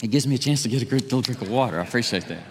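A man preaching a sermon in a church, acting out voices with big swings of pitch. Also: animated, rapid-fire, long reverb tail, a little hiss or hum. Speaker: pastor. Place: church sanctuary.

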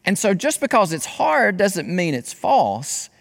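A man's voice: sits high, big pitch swings, unhurried, gravelly. Impassioned male preacher in a reverberant hall. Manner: impassioned preaching, swinging from loud exclamations to hushed tones. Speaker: pastor. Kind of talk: sermon.

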